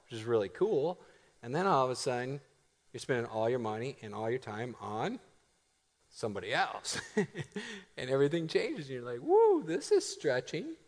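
A middle-aged man delivers a sermon in a church sanctuary. His voice is lively and moves around a lot, with playful asides and laughter that give way to slow, emphatic lines. The sound carries a long, echoing hall reverb. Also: medium pitch. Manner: animated, joking, laughs often, builds to emphatic slow phrases. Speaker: pastor.

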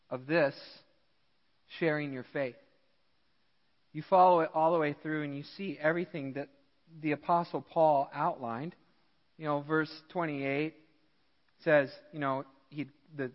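An American man preaching a sermon as pastor, animated and acting out characters in dialogue. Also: a little high, in a large hall, dull audio. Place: church.

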